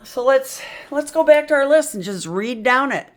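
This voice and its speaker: A woman's voice: high-pitched, lively intonation, normal speed, few pauses. A middle-aged woman tutor teaching a phonics lesson at a board, chatty and thinking aloud as she works through examples. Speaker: reading tutor.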